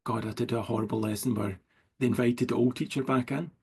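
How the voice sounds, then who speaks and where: A man's voice: mid-range voice, fairly even intonation, fast, vocal fry, darkish tone, slightly rough. A middle-aged Scottish man, a writer as interview guest, rambling through anecdotes full of likes and quoted dialogue. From Scotland. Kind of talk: casual storytelling chat.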